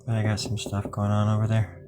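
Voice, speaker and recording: A man's voice: lowish voice, monotone, fairly quick, over music. A man chatting casually on a live stream while he draws, rambling and joking and laughing often. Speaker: live-streaming drawing host.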